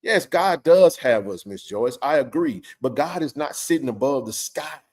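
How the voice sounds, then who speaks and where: A man's voice: medium pitch, lively intonation, normal speed, darkish tone, husky. A middle-aged man hosting a live sports stream, talking with passionate, blunt, emphatic energy and plenty of slang.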